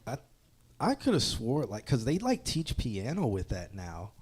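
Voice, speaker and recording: A man with a mixed New York and Southern accent, co-hosting a casual livestream chat about music production, animated and swearing casually. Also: medium pitch, a little slow, husky. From Florida. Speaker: co-host.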